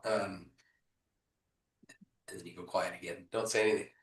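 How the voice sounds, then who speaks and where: A man coaching real estate agents in a live training, punchy and energetic, often asking rhetorical questions over a video call. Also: lowish voice, fairly quick, pauses often. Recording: echoey room, voice far from mic.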